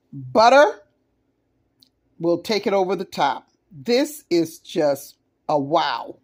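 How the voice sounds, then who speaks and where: A woman with a Southern US accent hosts a casual cooking vlog, tasting food on a phone camera and chatting with viewers while she eats. She gushes and exclaims in a medium-pitched, darkish-toned voice. She's the home cook running the channel.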